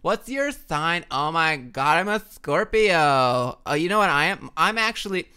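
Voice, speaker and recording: A man voicing a bubbly, ditzy young Valley Girl woman, gushing with a drawn-out, sing-song Valley Girl accent. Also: fairly high pitch, big pitch swings, sharp tone, clean tone, full character voice. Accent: Valley Girl put-on.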